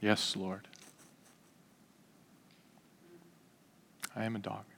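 A desperate woman, humble and hushed, speaking low and quiet, as a preacher acts her out. Her soft-spoken pleading rings out with a long hall reverb. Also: level tone, moderate pace, creaky.

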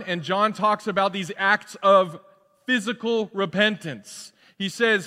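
Male pastor, forceful bright delivery, playful acted asides, long hall echo. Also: sits high, slow. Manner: animated, acts out crowd and John in playful asides. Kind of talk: sermon.

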